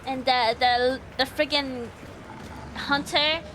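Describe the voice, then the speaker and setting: A young woman streaming a game with excitable commentary, yelling and laughing as she plays. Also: high voice, slow pace, a little hiss or hum. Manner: excitable, yells and laughs while playing. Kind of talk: gameplay commentary.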